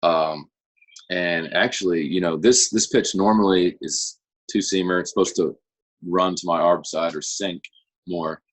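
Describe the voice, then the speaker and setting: A young man, a pro baseball pitcher, chatting as a guest in a relaxed, rambling way full of fillers. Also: unhurried. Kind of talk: casual interview chat.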